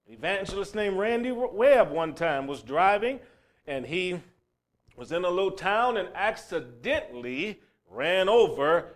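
High-voiced preacher man, loud then hushed. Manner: swings between loud emphatic bursts and low quiet passages; storytelling, acting out a crying child's shouts. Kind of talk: sermon.

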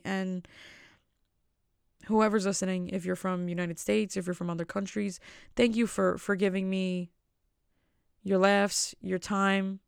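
Woman, podcast host, casual solo chat, rambling, self-mocking, gravelly edge, dry close sound. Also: mid-range voice, dry recording. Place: at home with family asleep.

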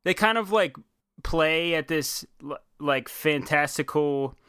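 Crisp bright-voiced rambling guy. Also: fairly high pitch, slow, no room sound, clean studio sound. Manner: rambling, filler-heavy, restarts sentences. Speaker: podcast co-host. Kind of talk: casual podcast chat.

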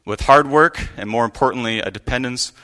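Man, guest preacher, sermon, bright tense tone, chatty storyteller. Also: mid-range voice, fairly quick. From United States. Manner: conversational, earnest storytelling with asides. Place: church pulpit.

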